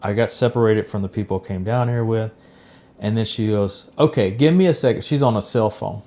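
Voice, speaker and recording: A man's voice: fairly low pitch, brisk. A middle-aged man, co-hosting a podcast, telling a personal story casually and acting out the lines of people in it. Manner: animated storyteller, acts out quoted lines. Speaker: podcast co-host.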